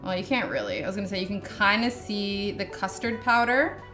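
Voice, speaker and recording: A woman's voice: medium pitch, expressive, fairly quick, sharp tone. A young woman chatting casually and giggling as she bakes in her home kitchen, rambling through asides. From Canada. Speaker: baking vlogger. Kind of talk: casual chat while baking. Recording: echoey room with background music. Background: background music.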